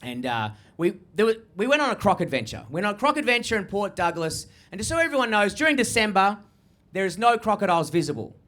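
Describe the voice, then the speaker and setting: Stand-up comic, young adult male, Australian accent, high-pitched and piercing, brash high-energy delivery. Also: big pitch swings, fast talker, bright, forceful tone. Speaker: stand-up comedian. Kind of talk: stand-up comedy set.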